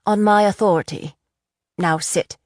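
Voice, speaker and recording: A woman voicing a calm, authoritative male lord who questions a young man, in a storybook reading. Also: medium pitch, unhurried, dry recording, studio quality, close to an everyday voice. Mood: commanding. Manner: even, authoritative.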